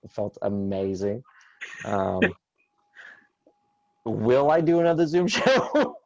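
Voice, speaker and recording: A man's voice: on the low side, big pitch swings, very slow, vocal fry, no echo, dull audio. A man in his thirties doing a rambling stand-up set over a video call, hesitant with many fillers. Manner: rambling, hesitant with many fillers, jumps loud for quoted outbursts. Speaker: stand-up comedian.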